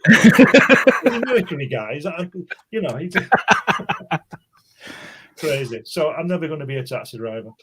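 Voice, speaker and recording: An older Englishman in his sixties telling stories in a casual chat, halting and repeating words as he goes. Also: fairly high pitch, animated, a bit bright, slight background noise. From England.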